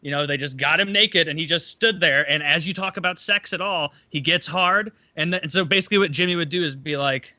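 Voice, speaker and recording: A man's voice: fairly high pitch, a little fast, few pauses, dry recording, lo-fi sound. A man co-hosting a podcast, telling a story in casual chat and acting out what others said. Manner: animated storyteller, acts out the voices of others. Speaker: podcast co-host. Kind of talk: casual chat, retelling a radio bit.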